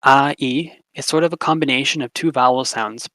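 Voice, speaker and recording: A young man with a bright, clear-edged voice gives a relaxed class explanation full of fillers. He slows down to repeat example words carefully. The recording is dry and close, with no room sound. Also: mid-range voice, dry recording, poor audio. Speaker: language teacher.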